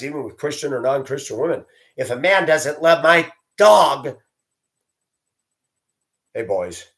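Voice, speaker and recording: A man hosting his own video, delivering a blunt, combative, profane rant and mocking others in a raised voice. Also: medium pitch. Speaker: video host. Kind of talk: ranting monologue.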